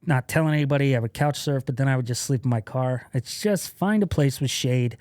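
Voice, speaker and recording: A man's voice: mid-range voice, a little fast, no echo. Man, 30s, podcast guest, casual storytelling, profane, laughing, dry sound. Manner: profane, laughing, acts out loud quotes.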